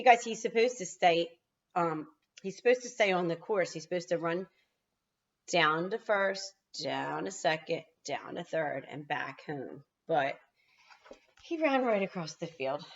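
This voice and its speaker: Lively woman reading a picture book. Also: deep voice, unhurried, lo-fi sound. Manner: animated, talks straight to the kids. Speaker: kindergarten teacher.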